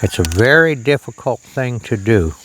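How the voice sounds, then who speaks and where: A man demonstrating archery outdoors on a shirt lavalier, talking slowly and plainly and drifting into preacherly reflections on faith. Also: medium pitch, very animated, noisy background. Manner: slow, plain-spoken, preacherly asides. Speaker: archery vlogger. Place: outdoors on a rural property.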